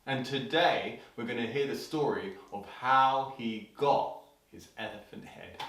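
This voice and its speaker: Man, children's TV storyteller, playful, slow delivery, distant mic in an echoey room. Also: medium pitch. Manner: animated, leaps into loud sudden shouts for scares.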